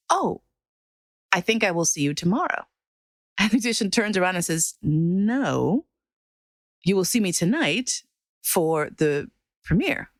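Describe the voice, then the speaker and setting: A podcast host tells a personal story in a relaxed monologue, swearing freely and animatedly voicing the people she quotes with big jumps in pitch. The recording is studio quality with no echo.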